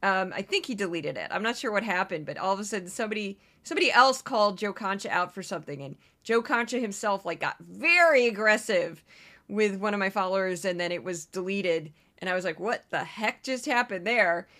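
Bright, chatty woman podcast host. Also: medium pitch, expressive. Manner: chatty, laughing, quick asides. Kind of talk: casual commentary.

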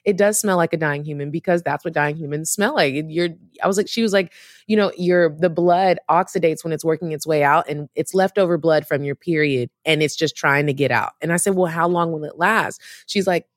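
A woman guest on a podcast, telling a story in casual chat, animated and profane, acting out the people she quotes. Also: sits low, brisk, no echo, studio quality.

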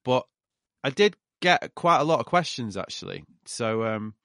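A man's voice: medium pitch, big pitch swings, moderate pace, vocal fry, a bit bright, dry recording, clean studio sound. A man, a podcast co-host chatting casually and swearing freely. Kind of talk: casual chat.

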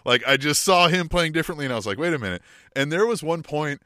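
A man's voice: on the high side, fast talker, no echo, clean studio sound. A man, co-hosting a podcast in casual chat, telling stories with lots of swearing. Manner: animated storyteller, swears freely. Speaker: podcast co-host.

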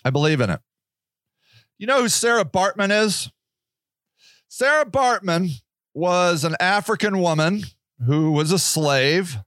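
A man's voice: sits high, animated, a little slow, pauses often, fairly bright tone, dry recording, clean studio sound. A man talking in a casual podcast monologue, profane and sarcastic as he rants. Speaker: podcast host.

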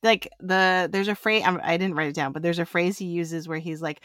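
A woman's voice: lowish voice, normal speed, fairly bright tone, dry recording. Giggly woman on a dry mic. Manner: giggly, hedging with many fillers. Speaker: podcast co-host. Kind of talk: casual film review chat.

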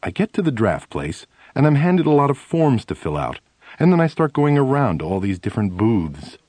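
A man reading a first-person memoir aloud as an audiobook, animated and wry storytelling. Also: mid-range voice, normal speed, no room sound. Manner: animated storytelling with shifting emphasis. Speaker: audiobook reader.

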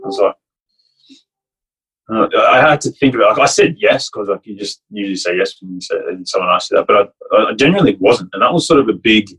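A man's voice: lowish voice, animated, quick pace, fairly bright tone, breathy edge, rough recording. A young man, a rugby league player and coach, telling a heartfelt, rambling story in casual chat. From Fiji. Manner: rambling and heartfelt, many restarts and "like".

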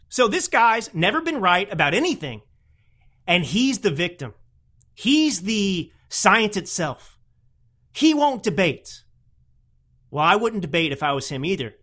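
Animated, combative male podcast host. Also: sits high. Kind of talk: opinionated political commentary.

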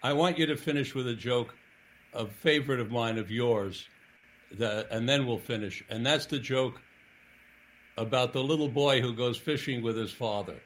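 A man hosting his own radio program, speaking earnestly and haltingly with repeated words as he wraps up an interview. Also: mid-range voice, a bit bright, poor audio. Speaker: radio show host.

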